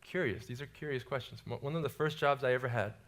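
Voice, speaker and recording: A man's voice: mid-range voice, fast talker, fairly bright tone. A young adult man from South Florida preaching a casual sermon built on personal stories, with lots of energy and repeated words.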